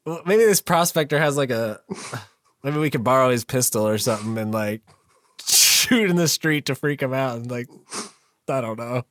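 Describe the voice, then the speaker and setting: A man's voice: medium pitch, animated, fairly bright tone, no echo, studio quality. A man playing a tabletop game, chatty and giggly, often laughing between lines. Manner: giggly and quick. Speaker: player. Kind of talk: casual tabletop play.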